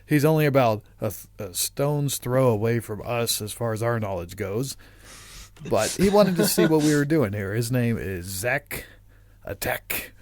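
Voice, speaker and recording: Animated rambling male podcast host. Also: mid-range voice, moderate pace, no echo. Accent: Midwestern American. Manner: rambling, swearing, animated storytelling. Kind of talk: casual chat.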